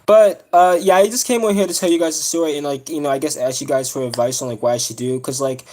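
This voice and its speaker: A man's voice: on the high side, steady tone, fast, a little mellow. A young man on a live stream telling a personal story, upset and close to tears, rambling with many fillers and restarts. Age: young adult. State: near tears.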